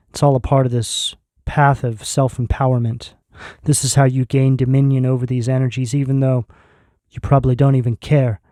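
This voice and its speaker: A man giving a tarot reading video, speaking in slow, emphatic, intense declarations. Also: mid-range voice, dark tone, no echo, clean studio sound. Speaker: tarot reader.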